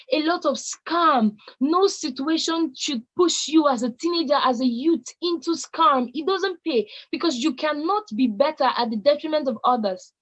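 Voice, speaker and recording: A young Nigerian woman in her late teens delivers a motivational speech with emphatic, repeated exhortations. Her voice sits high. The recording is muffled and lo-fi. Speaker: youth speaker.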